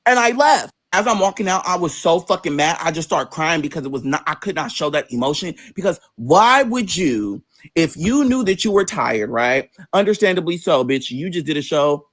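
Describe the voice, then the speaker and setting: A man telling a personal story in a casual, animated, profane way, jumping into high voices to act out what others said. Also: moderate pace, dry recording. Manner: animated, profane, acts out quoted voices with big pitch jumps.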